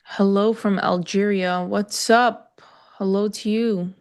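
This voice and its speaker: A woman's voice: mid-range voice, steady tone, slow pace, darkish tone, clear, resonant tone. A woman co-hosting a live trading stream, talking loosely with fillers and answering chat viewers in casual conversation.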